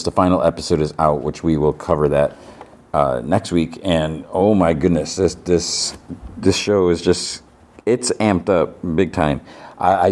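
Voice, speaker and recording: A man's voice: low voice, darkish tone. A man hosting a podcast, loosely recapping TV episodes with lots of fillers and restarts. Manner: rambling, many fillers and restarts. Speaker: podcast host.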